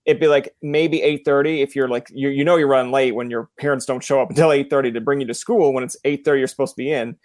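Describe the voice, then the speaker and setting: A podcast host from Newfoundland, Canada, speaks with the local accent as he runs a casual interview, spinning rambling stories and acting out the voices of the people he quotes. His mid-range, darkish voice moves quickly with fairly even intonation and few pauses. The studio-quality audio has no echo.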